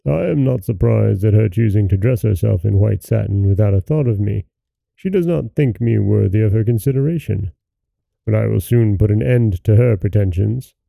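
A man voicing a suspicious, quick-tempered old king in a fairy tale reading, with a gravelly, very dark voice. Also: lowish voice, dry recording. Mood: furious. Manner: stern, demanding questions.

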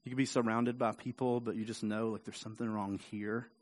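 A man preaching a sermon in a conversational way, often repeating words and rising louder for emphasis. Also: fairly low pitch, level tone, brisk. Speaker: pastor.

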